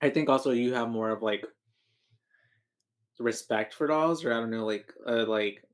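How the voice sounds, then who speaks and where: Laid-back man podcaster, halting. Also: mid-range voice. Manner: laid-back, hesitant, frequent fillers. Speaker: podcast co-host. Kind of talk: casual movie recap chat.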